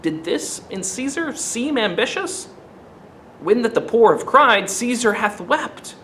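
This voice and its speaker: Man reciting Roman orator, hushed, measured, quietly persuasive, grieving. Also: very high voice, big pitch swings, slight background noise, voice pushed up, full character voice, low-quality recording.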